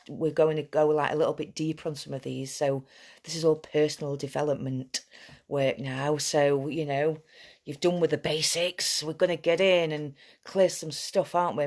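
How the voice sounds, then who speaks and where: A woman's voice: sits low, darkish tone. A woman, an EFT tapping coach, talking chattily and affectionately to her group over a video call. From United Kingdom. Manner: chatty and affectionate, rambling asides. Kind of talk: live online group session, casual chat.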